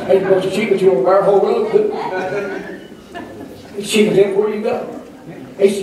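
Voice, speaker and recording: A man's voice: high voice, fairly even intonation, brisk, pauses often, darkish tone. An older male pastor preaching a sermon in a church, with rhythmic, fiery delivery and repeated calls to the congregation. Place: church sanctuary. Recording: echoey distant room recording.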